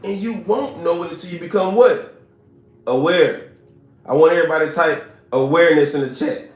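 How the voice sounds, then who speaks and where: A man's voice: fairly high pitch, normal speed. A man giving a motivational live stream talk, emphatic and preacher-like, repeating his points and asking the chat to respond. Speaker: motivational speaker. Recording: roomy echo with faint music.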